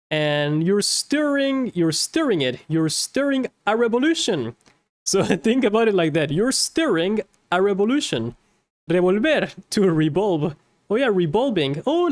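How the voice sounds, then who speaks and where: A Spanish teacher giving a casual language lesson, repeating each word slowly and adding playful asides. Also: medium pitch, no echo.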